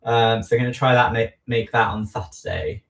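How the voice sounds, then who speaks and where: A man with a mid-range, creaky voice chats casually on a livestream while frosting a cake in his home kitchen. He talks slowly and rambles, pokes fun at himself, and says "um" a lot. The room is echoey and his voice sits far from the mic.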